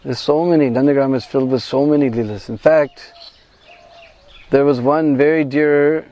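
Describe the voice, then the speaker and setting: A man guiding a pilgrimage, telling a devotional story in an animated way and acting out the quoted voices. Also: medium pitch, moderate pace. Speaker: pilgrimage guide and devotional speaker. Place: at a shrine on pilgrimage.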